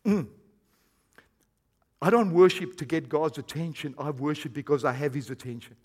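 A man preaching a sermon as pastor, swinging between hushed, intimate lines and loud, emphatic bursts. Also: fairly high pitch, normal speed, husky. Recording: long hall reverb.

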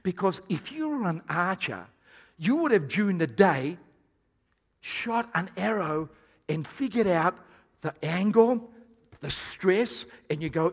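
Man, pastor, sermon, hushed to loud preaching, slightly high voice, long hall reverb. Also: big pitch swings, slow pace, slightly rough.

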